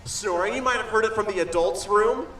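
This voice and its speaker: A man's voice: high-pitched, a little fast, background noise. A man performing as a children's entertainer on an outdoor amphitheater stage, telling an interactive story with playful sound effects. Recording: echoey outdoor stage, far from the mic.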